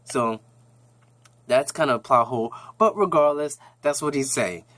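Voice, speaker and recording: A man's voice: medium pitch, normal speed, fairly bright tone. A man casually recapping a TV episode in a rambling, slangy way with lots of restarts.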